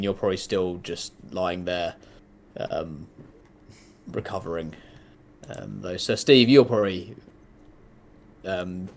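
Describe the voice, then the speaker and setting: A man narrating as game master of a tabletop game, halting and soft-spoken, with many fillers. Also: sits low.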